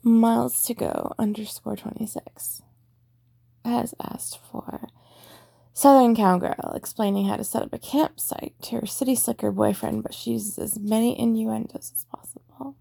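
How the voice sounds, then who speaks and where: Husky woman with heavy vocal fry. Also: on the high side, steady tone, moderate pace, dark tone. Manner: rambling, self-deprecating, hesitant. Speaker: voice role-play creator. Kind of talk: casual chat to listeners.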